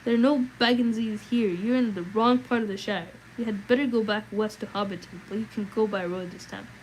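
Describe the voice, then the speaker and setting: A woman's voice: medium pitch, steady tone, fairly quick, a little hiss or hum, lightly acted, rough recording. A woman voicing a stubborn middle-aged male hobbit farmer telling his tale in plain country speech for a read-aloud. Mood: defiant.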